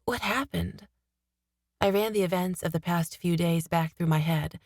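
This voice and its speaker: A woman narrating a fantasy novel in the first person, steady and expressive, on a studio mic. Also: lowish voice, moderate pace, no echo. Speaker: audiobook narrator.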